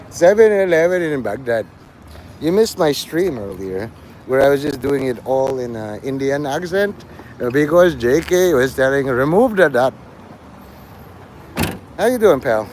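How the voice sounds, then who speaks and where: A man's voice: medium pitch, a little mellow, a little hiss or hum, poor audio. Man rambling on a live stream outdoors. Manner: meandering, offhand, provocative banter with viewers. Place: outdoors outside a convenience store.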